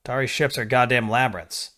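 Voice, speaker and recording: A man's voice: medium pitch, steady tone, a little fast, bright, forceful tone, lightly acted. A man voicing a wisecracking young Marine private. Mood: offhand.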